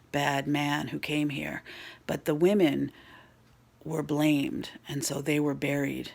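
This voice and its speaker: A woman voicing a lonely little ghost girl who pleads softly, half in a whisper. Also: deep voice, creaky, exaggerated voice.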